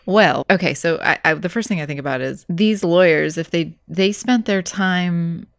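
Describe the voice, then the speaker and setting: A woman's voice: fairly low pitch, moderate pace, dry recording, clean studio sound. A woman co-hosting a podcast in casual chat, thinking aloud and laughing often. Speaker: podcast co-host.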